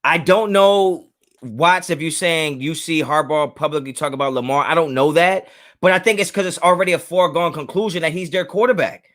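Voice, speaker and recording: A young man hosts a live sports fan talk and answers his chat. His voice sits high for a man. He argues heatedly and repeats words over and over to drive a point home. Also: fairly bright tone. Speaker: sports talk show host.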